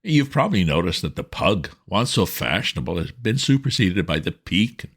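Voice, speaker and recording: Hearty breezy young toff, male reader doing it, bouncy and lively. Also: low-pitched, normal speed, breathy edge, heavily acted. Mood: jovial. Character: jovial exuberant young gentleman editor.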